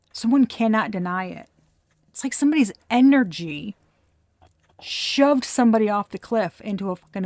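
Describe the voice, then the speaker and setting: A woman's voice: medium pitch, no echo. A woman giving a casual tarot reading, blunt and profane, breaking into laughter. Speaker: tarot reader.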